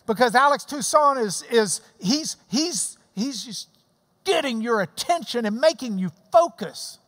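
A pastor preaching a sermon, telling stories and explaining scripture in an animated way and acting out the clapping. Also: medium pitch, a little slow. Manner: animated storytelling, mimics clapping. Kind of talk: sermon with Bible teaching. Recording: long hall reverb.

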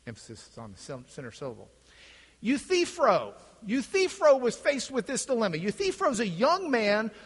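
A man's voice: very high-pitched, fairly quick, hardly any pauses, husky. A middle-aged man giving a classroom lecture, acting out the voices in his quotes. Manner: animated, acts out voices in quotes. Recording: echoey hall.

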